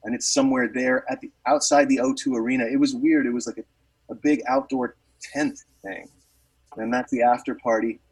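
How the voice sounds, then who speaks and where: A man's voice: medium pitch, steady tone, brisk, slightly rough, distant mic, rough recording. A man, a musician, telling a rambling story in casual chat with lots of fillers and restarts.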